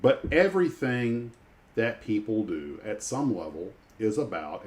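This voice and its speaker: A man's voice: lowish voice, expressive, unhurried. Rambling retired man. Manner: rambling storyteller with many restarts. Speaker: livestream host. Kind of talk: casual chat.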